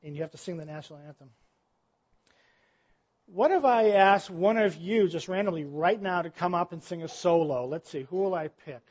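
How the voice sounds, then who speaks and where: Guy pastor preaching, high voice, chatty and asks the room lots of questions, kinda muffled lo-fi sound. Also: normal speed, a little mellow. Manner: conversational preaching, rhetorical questions. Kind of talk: sermon.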